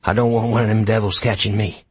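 A man's voice: fairly low pitch, level tone, quick pace, slightly rough, no echo. A man voicing a shaky frightened ranger. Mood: scared.

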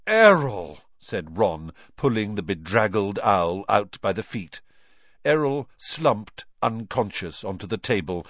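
A man narrating a storybook in an animated, dramatic reading. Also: on the low side, dry recording, dull audio. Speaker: audiobook narrator.

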